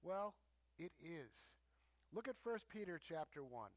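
High-voiced emphatic male preacher. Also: big pitch swings, measured pace, dry recording. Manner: emphatic, swings pitch for stress. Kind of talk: sermon teaching.

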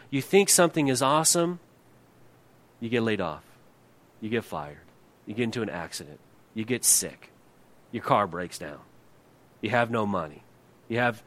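A middle-aged man, a pastor, preaching a sermon. He asks the congregation rhetorical questions and often drops to a hushed, low voice to drive a point home.

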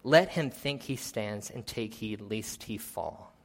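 A man preaching a sermon and reading scripture in an earnest, measured way, rising for emphasis and dropping low at solemn points. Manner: reads scripture aloud with measured pauses.

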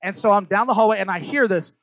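High-voiced male pastor, conversational sermon. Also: fast, no room sound. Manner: conversational, checks in with listeners with right and okay. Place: church. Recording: dull lo-fi dry sound.

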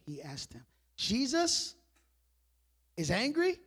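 High-voiced man preaching conversationally. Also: expressive, a little slow. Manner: conversational preaching, rhetorical questions, drops to quiet emphasis. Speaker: pastor. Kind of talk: sermon.

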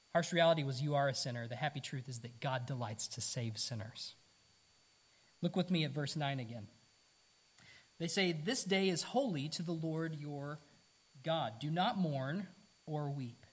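A man's voice: fairly high pitch, husky. A man preaching a conversational sermon to his congregation, earnest, asking rhetorical questions and repeating himself. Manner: repeats words, casual asides. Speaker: pastor.

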